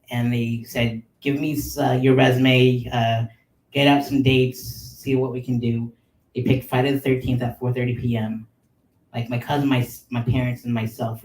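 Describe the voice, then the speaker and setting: A man in his thirties casually telling a long personal story on a podcast, animated and full of likes and ums. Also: medium pitch. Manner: animated, filler-heavy with many likes and ums. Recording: roomy sound, mic at a distance.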